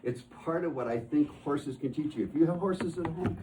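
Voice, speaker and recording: A man's voice: a little high, brisk, mellow, slight background noise. A man who works as a therapist, telling stories from his practice in an earnest conversational way and often restarting his phrases.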